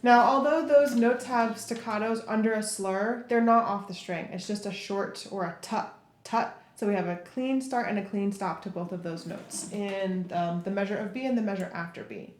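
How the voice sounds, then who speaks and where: A woman's voice: medium pitch, moderate pace, soft background music. A woman teaching a viola lesson, talking through bowing step by step between played passages. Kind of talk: instrument tutorial. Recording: echoey room with loud viola playing.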